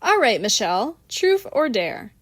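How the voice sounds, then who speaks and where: A woman's voice: a little high, big pitch swings, a little slow, dry recording. A woman reading a mischievous, blunt young woman with a dry, teasing manner.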